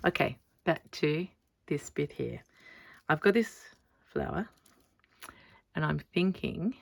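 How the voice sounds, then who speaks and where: A woman's voice: low-pitched, gravelly. A woman chatting casually in a crafting vlog, thinking aloud as she works on her stitching. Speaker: textile artist showing her stitching.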